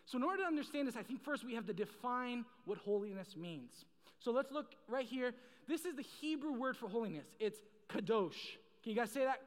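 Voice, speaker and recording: A young man with a high voice preaches in a large hall, and the sound rings with a long reverb. He jokes, tells stories and calls out to the crowd in a casual, lively way. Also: a little fast. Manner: casual, joking, animated storytelling with the crowd. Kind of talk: sermon.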